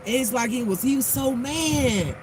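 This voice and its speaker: Speaking at a normal speed as a spiritual life coach, a man with a strikingly high voice tells a casual, blunt, animated story full of free swearing. He acts out what people said in a raised voice, while clear traffic noise, passing cars and street sounds carry on behind him.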